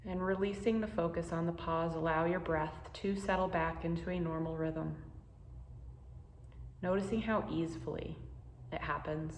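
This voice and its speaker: A woman guiding a meditation, speaking slowly and gently with soothing instructions. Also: on the low side, fairly even intonation, reverberant, a little hiss or hum. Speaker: meditation guide. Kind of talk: guided meditation.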